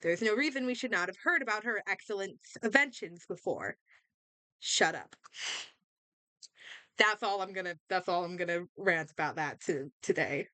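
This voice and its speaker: A young woman talks through a reaction video in an excitable, rambling way, full of fillers and restarts. Her voice is bright and crisp. The sound is dry and close on a desk mic. She is a little under the weather. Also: medium pitch, fairly quick, few pauses, no room sound. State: slightly sick. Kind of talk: casual reaction commentary. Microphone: desk microphone.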